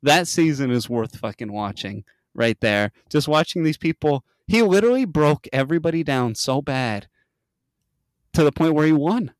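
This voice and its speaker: Speaking at a moderate pace in a slightly high voice, a male podcast host recounts a reality show casually, cursing often and performing the quotes loudly like an animated storyteller. The recording is dry.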